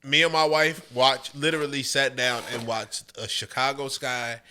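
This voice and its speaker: A man chatting casually on a podcast, relaxed and slangy, sometimes acting out other people's voices. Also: medium pitch, moderate pace, slight background noise. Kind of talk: casual chat.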